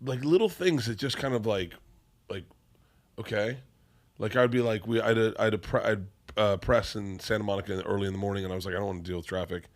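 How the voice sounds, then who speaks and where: Comedian guest, male, lowish voice, rambling excitable storyteller. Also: fast. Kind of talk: casual podcast chat.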